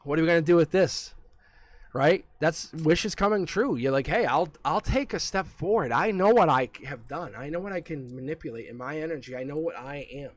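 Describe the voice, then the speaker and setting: A man's voice: on the high side, lively intonation, a little fast, no room sound. A man giving a live-streamed tarot reading, talking straight to the viewer in a chatty way and chuckling often. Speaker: tarot reader.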